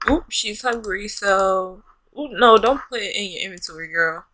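A woman's voice: mid-range voice, normal speed, bright, forceful tone, low-quality recording. A young woman giving casual, playful let's-play commentary, laughing often and talking back to the game characters in slang. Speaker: gaming YouTuber.

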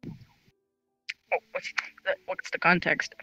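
A woman's voice: extremely slow, bright, forceful tone, soft background music, rough recording. A woman in casual VR game chat, hesitant and unsure when she answers.

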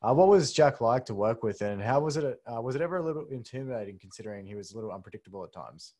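A man's voice: medium pitch, expressive, racing, warm tone. An Australian man co-hosting a casual podcast interview over a video call, laid-back, swearing casually and hesitating with many fillers. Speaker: podcast co-host.

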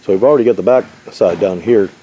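A man's voice: lowish voice, quick pace, mellow, highs cut off, a little hiss or hum. Folksy man walking through a roof job. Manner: folksy, rambling, lots of fillers. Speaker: RV roof installer. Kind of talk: casual job-site walkthrough.

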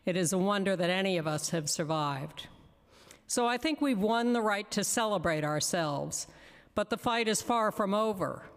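A woman's voice: mid-range voice, animated. Emphatic woman testifying in a reverberant hall. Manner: emphatic, deliberate, slows on lists. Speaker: advocate testifying at a hearing. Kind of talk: prepared public testimony. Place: council chamber.

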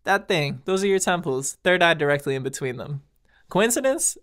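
A man's voice: on the high side, lively intonation, normal speed, fairly bright tone. A man hosting his own podcast, talking earnestly and casually to his listeners with frequent laughs and slangy asides. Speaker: podcast host. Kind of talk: casual spiritual monologue.

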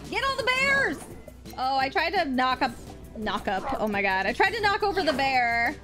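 A woman's voice: high voice, big pitch swings, moderate pace. A young woman streaming a game live, talking playfully and breaking into squealing exclamations. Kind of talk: live let's play commentary. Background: game music.

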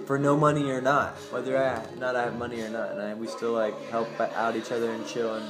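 A man's voice: medium pitch, level tone, a little fast. A young man from Boise telling a long, rambling story, loose and profane with plenty of slang. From Boise, Idaho. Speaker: vlogger telling a personal story.

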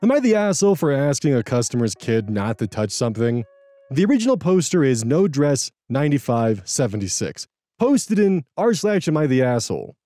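A man's voice: mid-range voice, big pitch swings, brisk, mellow, no echo. A man hosting a channel where he reads out Reddit posts and adds earnest, reflective commentary. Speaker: host reading Reddit posts. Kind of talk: narrating and commenting on Reddit stories.

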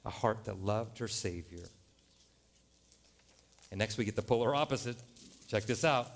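Animated man preaching a sermon. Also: on the low side, normal speed. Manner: animated, joking, jumps to loud punchlines. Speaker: pastor. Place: church sanctuary.

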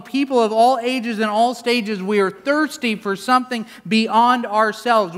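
A man preaching a sermon in a church, animated, with wide swings in pitch and volume. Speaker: pastor. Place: large church sanctuary. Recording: long hall reverb.

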